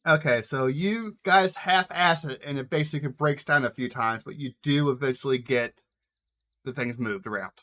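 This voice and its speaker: A man's voice: medium pitch, normal speed, bright, forceful tone. A man running a tabletop game as game master, narrating casually with frequent fillers.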